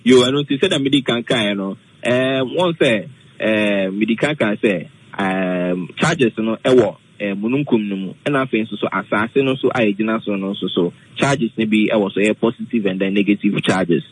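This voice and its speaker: A man explaining weather safety on the radio, halting, with many fillers, mixing English and Twi. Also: lowish voice, slight background noise, poor audio. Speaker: weather forecaster guest.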